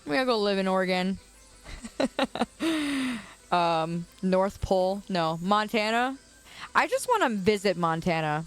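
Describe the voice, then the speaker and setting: A young woman from the Chicago area livestreams from a quiet suburban curb outside, chatting casually with viewers, laughing a lot and replying to comments. Her mid-range voice is very animated and slow, with soft music playing in the background.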